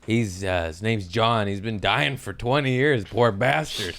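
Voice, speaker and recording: A man's voice: lowish voice, measured pace, creaky, fairly bright tone. A man hosting a comedy podcast, chatting casually and joking around. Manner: joking, rambling, throws in silly voices. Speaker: podcast host.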